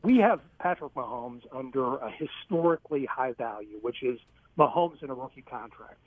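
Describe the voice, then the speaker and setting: A man's voice: medium pitch, lively intonation, moderate pace, dry recording. A man calling in to a sports radio show over the phone, politely arguing his point. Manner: polite but argumentative. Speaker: caller. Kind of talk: call-in radio. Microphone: telephone. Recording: tinny phone line.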